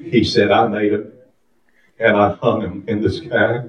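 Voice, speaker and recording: Fervent preacher in echoey church. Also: male voice, fairly low pitch, flat delivery, unhurried. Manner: fervent, sing-song preaching with cries of hallelujah. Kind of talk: sermon testimony. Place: church sanctuary. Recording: echoey, distant, muffled church recording.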